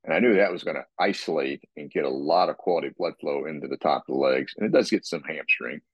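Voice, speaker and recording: Very deep husky man, rambling. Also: quick pace, dry recording, muffled recording. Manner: rambling, with repeated restarts and throat clearing. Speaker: guest describing his workout. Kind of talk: casual podcast talk.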